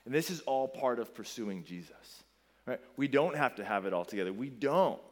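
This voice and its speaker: Male pastor, 30s, conversational sermon voice, animated storyteller, mid-range pitch. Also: moderate pace.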